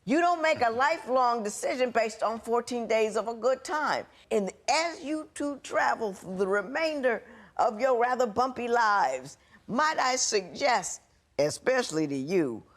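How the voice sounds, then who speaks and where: A woman's voice: fairly high pitch, lively intonation, a little slow. A middle-aged woman presiding as a TV court judge, blunt, sarcastic and commanding in her rulings. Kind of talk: courtroom TV show.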